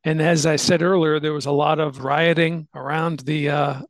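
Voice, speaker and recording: A man's voice: a little high, flat delivery, moderate pace, no room sound. A man hosting a podcast, casually explaining history at length with fillers and restarts. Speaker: podcast host.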